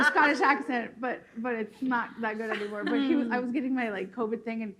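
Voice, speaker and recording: A woman from Mexico chats on a panel in an animated, laughing way. She restarts her sentences often and fills the gaps with ums and likes. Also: fairly high pitch, fast talker, very noisy. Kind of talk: casual panel discussion.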